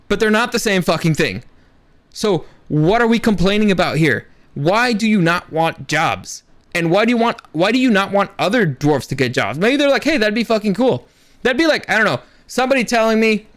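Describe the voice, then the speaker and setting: A young man hosting a commentary show, ranting in a sarcastic, profane, animated way. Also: high-pitched. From Latino background. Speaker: commentary host.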